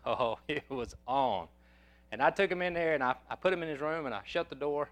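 A man's voice: on the high side, fairly quick, fairly bright tone. A man preaching a sermon, telling personal stories in a folksy way and often repeating words as he goes.

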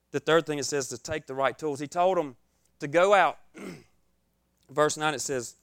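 A man's voice: on the high side, unhurried, a bit bright, clear, resonant tone, no room sound, studio quality. A young man preaching an informal, joking sermon, acting out his own scared reactions.

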